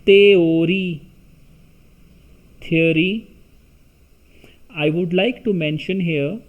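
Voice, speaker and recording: A man teaching French pronunciation, reading words and their meanings one at a time with long pauses. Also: fairly high pitch, phone-quality sound. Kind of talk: slow pronunciation lesson.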